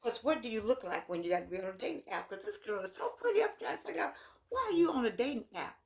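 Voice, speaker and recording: A woman's voice: fairly high pitch, big pitch swings, fast talker. An older woman with a Southern US accent, talking casually to camera in a folksy, rambling way. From United States. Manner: chatty, folksy, digressing, with laughs. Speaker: vlogger.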